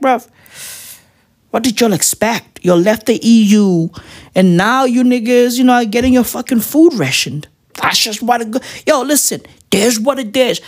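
A woman in a profane, rambling comedic rant full of street slang, at home. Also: fairly high pitch. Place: at home, with spouse nearby.

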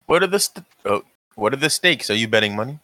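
A man's voice: mid-range voice, animated, fast talker, bright, forceful tone, no room sound. Stammering man playing in character. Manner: stammering, repeats words often. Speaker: player. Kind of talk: in-character tabletop role-play.

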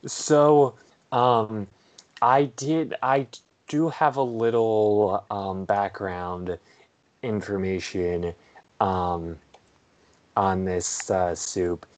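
A man co-hosting a podcast, reading out beer facts slowly with lots of ums and dry humor. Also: lowish voice, steady tone. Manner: slow, hesitant, many ums, dry humor. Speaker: podcast co-host. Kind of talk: casual podcast chat. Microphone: headphones on, studio mic.

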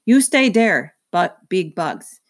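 A woman voicing a bossy little toddler girl in a read-aloud, with high, sing-song baby talk. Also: sing-song, slow, exaggerated voice.

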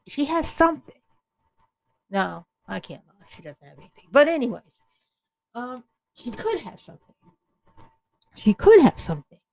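A woman's voice: fairly high pitch, a little mellow, no room sound, poor audio. A woman hosting an opinion podcast, talking bluntly and with exasperation, often restarting her sentences. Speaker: podcast host.

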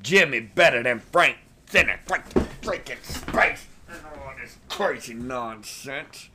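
A man co-hosting an improvised comedy bit, quick to get worked up and complain. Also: mid-range voice, animated, very noisy. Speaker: comedy co-host.

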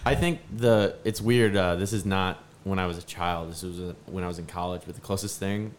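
A man's voice: deep voice, fairly even intonation, normal speed, a little hiss or hum. A man co-hosting a podcast, telling a rambling story with frequent laughs. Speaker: podcast co-host. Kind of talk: casual storytelling chat.

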